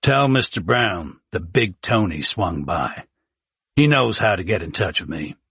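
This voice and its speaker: A man's voice: sits low, very animated, unhurried, gravelly, a bit bright, slightly rough, heavily acted. A man voicing a surly, curt male courier with an American accent.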